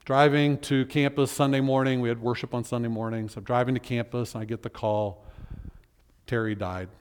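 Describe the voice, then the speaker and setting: A male pastor telling a personal story in a sermon, earnest and emotional, often halting and restarting his sentences. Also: medium pitch, little pitch movement, clean tone. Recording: reverberant hall.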